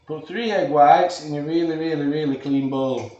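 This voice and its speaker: A man's voice: fairly high pitch, steady tone, moderate pace, darkish tone, dull audio. A man hosting a live cooking stream, chatting to viewers in a rambling, jokey way and often repeating himself. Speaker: cooking livestream host. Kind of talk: casual live cooking chat. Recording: echoey room, voice far from the mic, faint noise.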